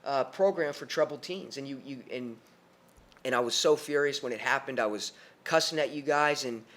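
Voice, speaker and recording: A young man tells his own story on a podcast at a medium pitch. He talks in a lively, animated way, often restarting and repeating his words as the story tumbles out. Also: normal speed.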